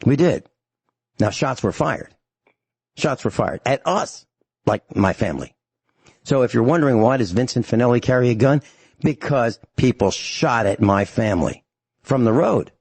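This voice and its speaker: A man's voice: medium pitch, animated, moderate pace, pauses often, a little mellow, slightly rough, dry recording. A man hosting a talk radio show, ranting angrily and emphatically to his listeners.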